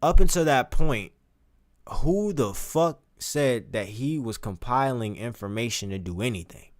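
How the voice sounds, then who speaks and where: A man giving casual, profane commentary as a streamer, breaking into recited lines with big swings in pitch and loudness. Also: expressive, measured pace. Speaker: streamer discussing rap lyrics.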